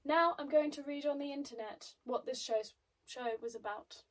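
A woman reading theatre reviews aloud in casual chat, teasing her partner with quick asides. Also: high voice. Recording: distant mic with faint noise.

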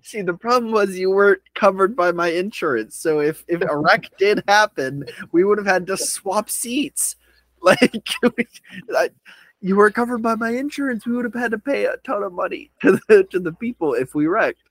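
Brief: young male podcast co-host, animated pitch, giggly, self-correcting, dry close mic. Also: moderate pace, no echo, low-quality recording. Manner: laughs often, restarts and self-corrects. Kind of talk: casual chat.

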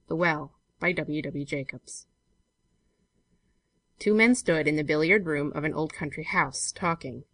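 A woman narrating a classic short story as a volunteer audiobook reader in a measured, even manner. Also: deep voice, dry recording. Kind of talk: scripted narration.

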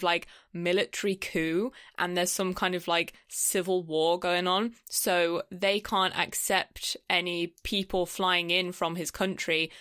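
A woman, co-hosting a podcast and chatting casually about a film, swearing freely and drifting into quick asides. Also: on the low side, a bit bright, smooth, dry recording, clean studio sound. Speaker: podcast co-host. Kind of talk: casual film review chat.

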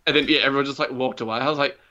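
A man's voice: mid-range voice, fairly even intonation, very fast, bright, forceful tone, dull audio. A man, co-hosting a casual podcast and retelling a game story with lots of swearing and quoted voices. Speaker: podcast co-host.

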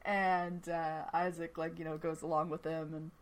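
A woman's voice: low voice, little pitch movement, moderate pace. A woman hosting a podcast, casually recapping a TV episode in a chatty, enthusiastic way with plenty of fillers. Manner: chatty and enthusiastic, often laughing, filler-heavy. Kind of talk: casual chat.

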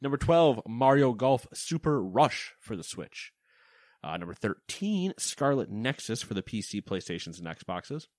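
A man's voice: mid-range voice, unhurried, dry recording, clean studio sound. A man co-hosting a casual gaming news podcast, joking around and reading game lists with playful emphasis. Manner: lively, jokey, reads lists with playful emphasis. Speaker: podcast co-host.

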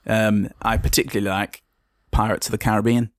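A man's voice: on the low side, little pitch movement, brisk, dry recording, studio quality, lightly acted. A man voicing a pompous, entitled man in a suit who talks down to everyone. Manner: condescending, sneering.

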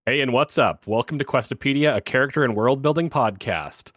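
An upbeat man hosts a podcast in a relaxed, jokey tone and laughs often. His voice sits at a middle pitch. The sound is dry and close, with no room echo. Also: fairly quick. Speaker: podcast host. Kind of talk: casual podcast chat.

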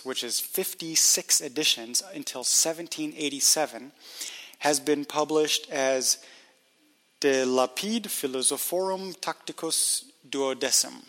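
A man's voice: fairly high pitch, pushed and bright, big-room sound. A man co-hosting a casual history podcast, explaining at length with frequent restarts. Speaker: podcast co-host.

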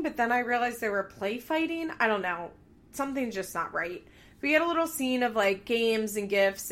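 A woman's voice: a little high, fairly bright tone. A woman giving a casual, candid recap of a reality TV episode, swearing freely as she talks.

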